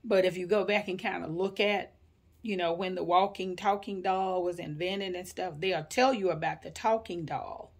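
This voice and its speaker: A woman in her sixties telling a family story in an interview, unhurried and full of fillers and hedges. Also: on the low side, steady tone, creaky. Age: 60s.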